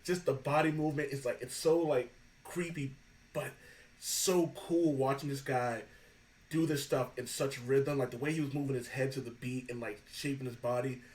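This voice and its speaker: A man hosting a podcast, telling animated stories in casual chat, swearing freely and laughing often. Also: mid-range voice, moderate pace, recorded from a distance, rough recording. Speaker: podcast host.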